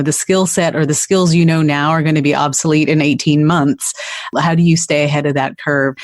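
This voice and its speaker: A woman with a very low voice hosting a podcast interview, putting long questions in a steady, encouraging manner. Her voice sounds dry and close, with no room around it. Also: no echo. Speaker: podcast host.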